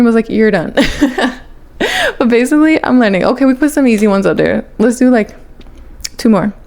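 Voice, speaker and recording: Chatty young woman with a higher voice. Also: a little mellow. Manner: chatty, rambling, fills with 'like', casual swearing. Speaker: vlogger. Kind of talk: casual vlog chat.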